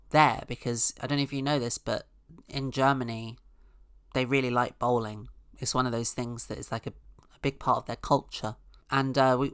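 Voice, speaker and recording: A woman's voice: a bass voice, clear, resonant tone, dry recording, studio quality. A woman hosting a podcast, telling a rambling, sarcastic comic story with mock-outraged asides. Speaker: podcast host. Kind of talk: casual comedic monologue.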